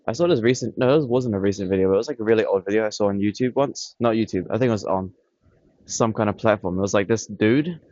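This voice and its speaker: Man, fairly deep voice, blunt casual monologue to camera, muffled lo-fi sound. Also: quick pace, darkish tone, dry recording. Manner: blunt, dismissive, repetitive. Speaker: vlogger. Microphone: camera on tripod.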